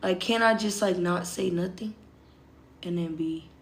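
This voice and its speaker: A woman's voice: fairly low pitch, measured pace. A young woman from the States, chatting casually and rambling to her livestream viewers, talking straight to them. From Southern United States. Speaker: streamer. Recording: roomy echo.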